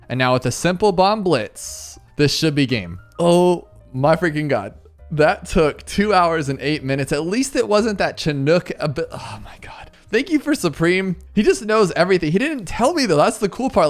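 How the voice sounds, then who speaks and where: A man giving excitable commentary to his viewers while playing a video game. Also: mid-range voice. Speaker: gaming YouTuber.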